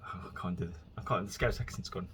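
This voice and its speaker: A man with a lowish voice rambles through a casual solo monologue. He tells stories in a chatty way, often restarting his sentences. A faint hiss sits under the recording. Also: quick pace, fairly bright tone. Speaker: vlogger.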